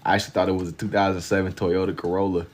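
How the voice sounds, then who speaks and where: A young man with a notably deep voice hosts a live drawing stream from home. He talks casually, reading viewer guesses and teasing them in loose slang. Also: level tone, very fast. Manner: playful, teasing, reads chat aloud with slang. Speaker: livestream host. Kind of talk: casual livestream chat.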